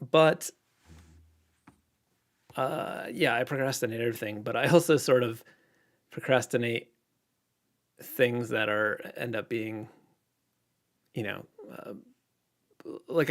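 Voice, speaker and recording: A man chatting casually on a livestream, reading out viewer questions and answering in a relaxed, rambling way with lots of fillers. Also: mid-range voice, moderate pace, pauses often. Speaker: illustrator livestreaming.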